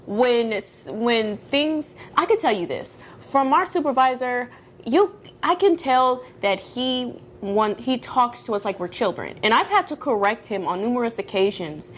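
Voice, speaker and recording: A woman in her thirties co-hosting a casual podcast, talking in an animated way and acting out the voices of people she quotes. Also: fairly high pitch, measured pace, slight background noise. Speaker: podcast co-host. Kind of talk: casual chat.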